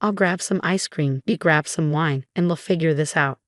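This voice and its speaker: A level-headed young woman talking her friend through a crisis in a calm, problem-solving way, as a female narrator puts her on. The voice sits slightly low and sounds close and dry. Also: moderate pace, no echo, natural voice. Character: steady, practical young woman best friend.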